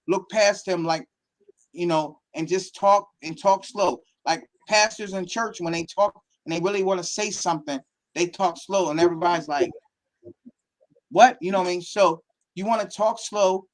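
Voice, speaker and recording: A man, a football academy coach from Pittsburgh, talking casually in an interview and acting out quotes as he tells stories. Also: high-pitched. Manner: animated storytelling, acts out quotes.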